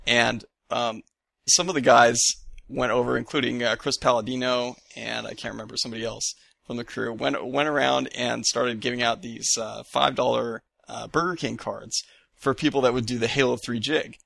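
A man co-hosting a gaming podcast, telling a story in a casual, animated way. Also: mid-range voice, normal speed, vocal fry, dry recording. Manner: animated storyteller, laughs often. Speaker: podcast co-host. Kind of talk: casual chat.

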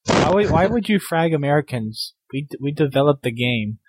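A man's voice: on the high side, sing-song, normal speed, slight background noise, rough recording. A man co-hosting a casual gaming podcast, joking, laughing often and reading out listener mail. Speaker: podcast co-host.

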